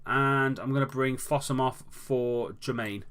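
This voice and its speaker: A man's voice: medium pitch, fairly even intonation, measured pace, a bit bright, clear, resonant tone. A man commentating on his football management game, calling the play like a match commentator and lifting his voice at goals.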